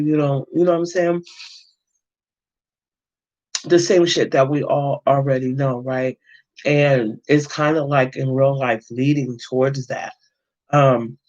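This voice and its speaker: A man's voice: medium pitch, muffled recording. A man giving a casual, slangy movie review, rambling and swearing freely with lots of fillers.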